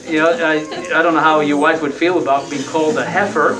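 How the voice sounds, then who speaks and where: A man's voice: on the high side, steady tone, normal speed, recorded from a distance, a crowd in the background, rough recording. A man preaching a sermon in a conversational, folksy way, often tagging his points with rhetorical questions.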